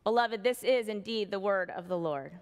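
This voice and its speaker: A woman pastor delivering a sermon, slow and emphatic, with dramatic pauses, recorded in a church sanctuary. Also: medium pitch, slight background noise. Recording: long hall reverb.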